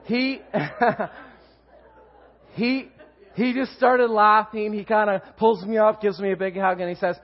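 High-voiced man sharing his testimony. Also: slow, pauses often, lo-fi sound. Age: 40s. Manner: emotional, animated storytelling with laughter and swings in loudness. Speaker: guest speaker giving testimony. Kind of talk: personal testimony in church.

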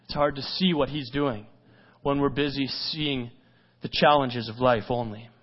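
A man preaching a sermon, swinging between loud urgent stretches and hushed quiet ones and firing off rhetorical questions. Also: medium pitch, fairly even intonation, unhurried, highs cut off. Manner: asks repeated rhetorical questions. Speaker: pastor.

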